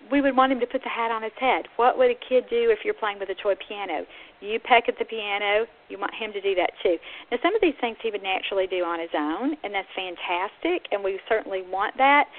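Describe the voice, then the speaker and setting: A woman's voice: mid-range voice, a little hiss or hum. A middle-aged woman, a speech-language pathologist, earnestly teaching listeners and talking straight to them. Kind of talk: podcast teaching talk. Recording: phone-like narrow sound.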